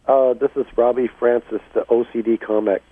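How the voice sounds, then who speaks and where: A man, a stand-up comedian, calling in to a radio show with a briskly delivered, rehearsed joke. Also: medium pitch, steady tone, no room sound. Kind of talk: telling a joke on a call-in show. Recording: phone line.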